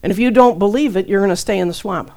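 A middle-aged woman preaching a fervent, folksy sermon that swings between loud declarations and hushed asides. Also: medium pitch, fast talker, vocal fry.

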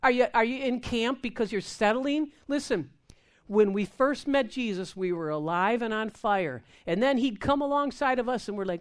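Preaching with high energy, a woman with a higher-sounding voice speaks at normal speed. She acts out prayers and shares laughs with the congregation.

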